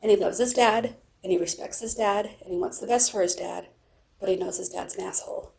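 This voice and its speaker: A woman's voice: mid-range voice, brisk, gravelly, a little mellow. A middle-aged woman vlogging, telling a friend a long personal story in a rambling, emotional way.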